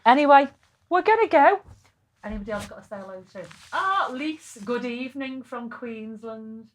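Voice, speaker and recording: A woman's voice: on the high side, animated, normal speed. A woman co-hosting a podcast in casual, rambling chat, swearing freely. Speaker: podcast co-host.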